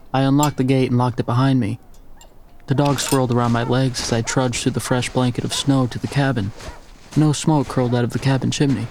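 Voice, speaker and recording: A man giving a measured, scripted first-person story narration. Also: mid-range voice, noisy background.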